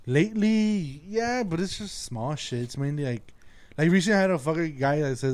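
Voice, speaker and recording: A man's voice: fairly high pitch, lively intonation, fast, mellow. A man telling a story in casual, profane chat, acting out the people he quotes.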